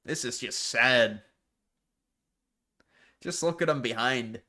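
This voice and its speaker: A man's voice: medium pitch, slow, pushed and bright. A man commentating live on a political clip, mocking and sarcastic, laughing at what he hears.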